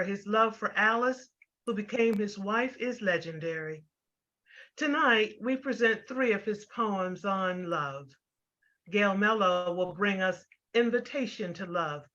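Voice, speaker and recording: A woman hosting a program, reading formal introductions in a measured way. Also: mid-range voice, a bit bright, muffled recording. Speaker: program host.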